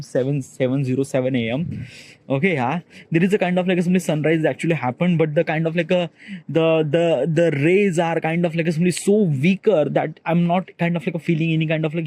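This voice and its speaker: Man, rambling self-recorded vlog on a cold rooftop, filler-heavy, slightly high voice, dry close sound. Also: a little mellow, no room sound. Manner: talks fast, chides himself to slow down. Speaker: vlogger. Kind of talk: rambling solo monologue. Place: rooftop outdoors in cold morning.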